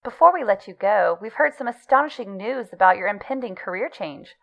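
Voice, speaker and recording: A woman's voice: medium pitch, animated, brisk, creaky. Woman playing a polished female news anchor, courteous, slightly dull lo-fi sound. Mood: polite. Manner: courteous broadcast tone.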